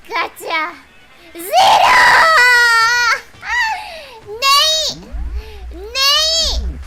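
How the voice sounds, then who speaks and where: A woman with a high voice streams a game, chatting casually and excitably with her viewers. Loud game music plays under her voice throughout. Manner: excitable, chatty, talks to chat. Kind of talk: casual game livestream chat.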